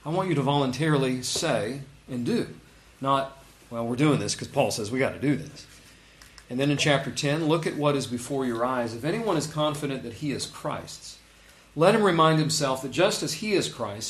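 A man's voice: mid-range voice, lively intonation, moderate pace. Earnest preacher man in a roomy space. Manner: earnest, emphatic, reads verses aloud with stresses. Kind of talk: sermon with scripture reading. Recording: roomy echo.

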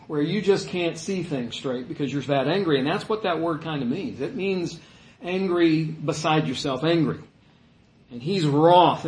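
A man's voice: a little high, darkish tone, roomy sound, poor audio. A male pastor preaching a sermon in a conversational way, rising to emphatic peaks.

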